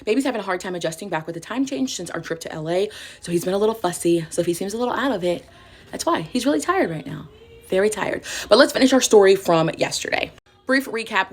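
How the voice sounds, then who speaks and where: A young woman vlogger telling a sassy, animated story while getting ready. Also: on the low side, a little fast.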